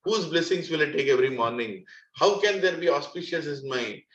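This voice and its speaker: A man with an Indian English accent voicing a gentle, loving king who laments and pleads in tears. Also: fairly high pitch, animated, brisk, roomy sound, highs cut off. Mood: lamenting.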